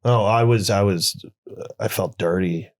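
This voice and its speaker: Male interview guest, lower register, halting and restarting delivery. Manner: halting, many restarts, recounting a harrowing experience. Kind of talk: podcast interview storytelling.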